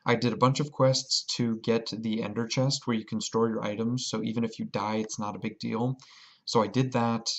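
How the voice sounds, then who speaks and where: A man telling a rambling, excited story about a game in a casual vlog. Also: mid-range voice, normal speed. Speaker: vlogger.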